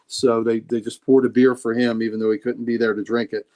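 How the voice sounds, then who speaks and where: Male podcast co-host, mid-range voice, halting and enthusiastic storyteller. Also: medium pitch, little pitch movement, mellow. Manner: retells comic scenes, many restarts and fillers. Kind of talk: casual podcast chat.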